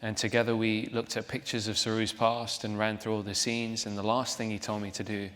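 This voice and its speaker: A young man being interviewed on a stage, voice somewhat low and chatty, often laughing at himself. His voice rings through a large hall with a long reverb. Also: little pitch movement, brisk, fairly bright tone. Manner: chatty, laughing, self-deprecating, with restarts. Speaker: actor guest. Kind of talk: onstage interview. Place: large theater hall, live audience.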